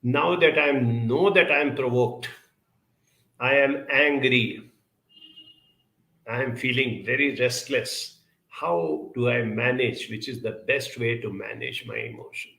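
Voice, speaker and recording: Fielding audience questions during a live talk on emotional intelligence, a man speaks in a gravelly, bright voice of medium pitch. The recording is low-quality and echoey, and he comes across as measured and emphatic, often dropping in "uh."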